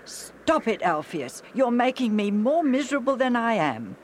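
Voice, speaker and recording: A woman's voice: a little high, moderate pace, a little hiss or hum, voice pushed up. A woman voicing Joe, a bored, restless boy who grumbles and daydreams eagerly. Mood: insistent. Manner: grumbling, then wistful and excited.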